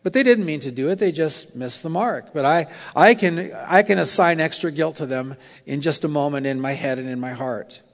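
A man's voice: a little high, normal speed, hardly any pauses. A male pastor preaching a sermon in a conversational, storytelling way with light humor. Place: church. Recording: long reverb of a church hall.

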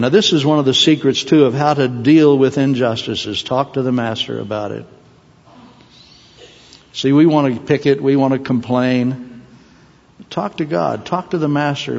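Man preaching, lively and rambly with little jokes, muffled echoey hall sound. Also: mid-range voice. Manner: animated, digressive, joking asides. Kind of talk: sermon. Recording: dull sound with long hall reverb.

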